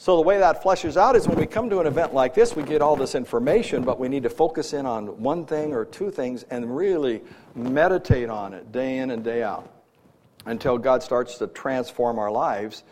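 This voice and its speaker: Male life coach speaking at a faith event, mid-pitched, loose and conversational, plenty of "uh"s and restarts. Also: normal speed, darkish tone, a little hiss or hum. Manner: conversational, with frequent fillers and restarts. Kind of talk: Christian teaching talk at an event.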